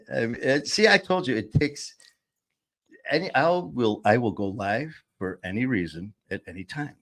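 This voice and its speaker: A man's voice: medium pitch, lively intonation, unhurried, long pauses, a bit bright. A man hosting a casual live stream from a small studio into a table-mounted mic, joking and rambling with lots of restarts. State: a little loopy after anesthesia. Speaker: host.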